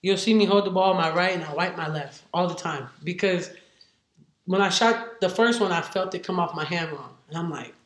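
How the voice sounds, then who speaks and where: With a lowish voice and a fairly quick pace, a woman who coaches football as head coach recounts stories in casual interview conversation. She animatedly performs what others said, and the sound is roomy.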